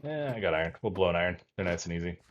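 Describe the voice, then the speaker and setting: A man with a fairly low voice talks his way through a gameplay session in a relaxed, easygoing way. He narrates each step aloud as he works. The recording is slightly dull and lo-fi. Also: rapid-fire, slight background noise. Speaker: gameplay video host. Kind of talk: casual let's-play commentary.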